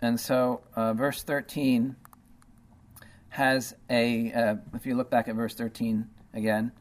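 A man's voice: medium pitch, little pitch movement, slow. A man preaching a sermon in a conversational way, reading scripture and explaining it with lots of "okay" and "you know".

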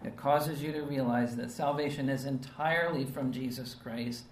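Preaching earnestly and emphatically, a man of ordinary pitch keeps a fairly even intonation and moderate pace, punctuating his sermon with rhetorical "right?" and "okay?" tags. He sounds distant, in a reverberant room with faint background ambience.

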